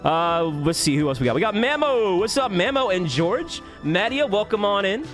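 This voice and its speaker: A man streaming live, cheerfully greeting viewers by name and thanking them with quick laughs. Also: high voice, very animated, faint music behind. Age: adult. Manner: upbeat, rapid shout-outs with laughs. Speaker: YouTube streamer.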